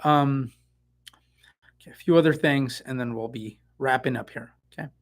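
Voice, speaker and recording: Speaking in a mid-range voice at an ordinary pace, a middle-aged realtor from the Bay Area goes on eagerly during a casual live stream. He wanders off on tangents and leans on plenty of filler words.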